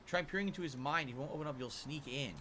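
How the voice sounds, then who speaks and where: A man's voice: a little high, quick pace, bright, forceful tone, slight background noise. A man streaming a video game, musing to himself and asking questions aloud as he plays. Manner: musing, talks to himself while playing. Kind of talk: let's-play commentary.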